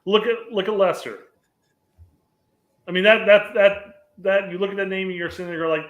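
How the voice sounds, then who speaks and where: A man's voice: high voice, steady tone, moderate pace, long pauses, a bit bright, roomy sound. A man co-hosting a casual soccer podcast, joking in a laid-back way. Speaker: podcast co-host. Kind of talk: casual sports chat.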